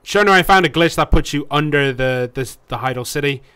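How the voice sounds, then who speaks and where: A man's voice: a little high, brisk, bright, forceful tone, clean tone. A man from England co-hosting a casual livestream game tutorial, chatty with lots of ums and restarts. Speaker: community manager co-hosting a game tutorial stream.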